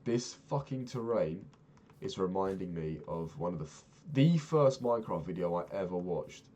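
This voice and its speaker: A young man chatting casually while playing a game, rambling and swearing, sounding low and sad. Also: expressive, moderate pace, mellow. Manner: swears often, rambling and candid. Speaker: Minecraft vlogger.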